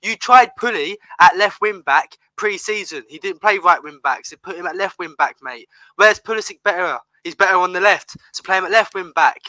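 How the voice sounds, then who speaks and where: A man's voice: sits high, moderate pace, few pauses, bright, forceful tone, no echo, rough recording. A man on a fan panel ranting heatedly and exasperated, talking over a video call. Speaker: panel guest. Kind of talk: casual heated fan rant.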